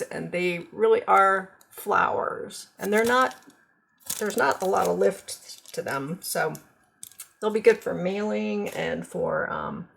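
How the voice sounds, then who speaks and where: Slow gravelly-voiced woman showing craft supplies. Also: medium pitch, a little hiss or hum. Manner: chatty, frequent ums, gushes over cute designs. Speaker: craft product demonstrator. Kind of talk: casual product show-and-tell.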